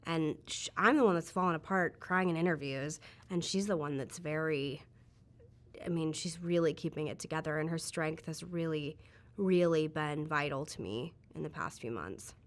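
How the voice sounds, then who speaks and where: Low-voiced woman, chatty. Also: moderate pace. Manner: chatty, frequent "like" fillers, reflective. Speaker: interview guest. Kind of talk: candid conversational interview.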